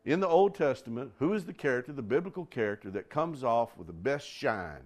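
A man preaching a sermon, telling stories and stretching key phrases with big rises in pitch. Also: expressive, brisk. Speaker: pastor.

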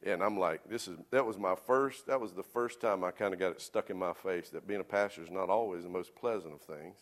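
A man's voice: sits low, fairly quick. A male pastor preaching a sermon in a conversational, self-deprecating storytelling manner.

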